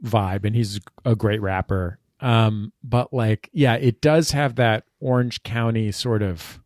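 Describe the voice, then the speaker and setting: A man on a podcast as a guest, chatting casually and telling animated stories with bursts of laughter at a studio table. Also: fairly low pitch, slow, no echo. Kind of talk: casual chat.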